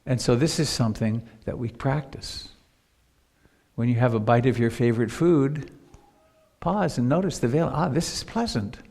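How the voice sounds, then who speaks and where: Older male meditation teacher, gravelly voice, long hall reverb, reflective storyteller. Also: medium pitch, normal speed, long pauses, warm tone. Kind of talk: live dharma talk.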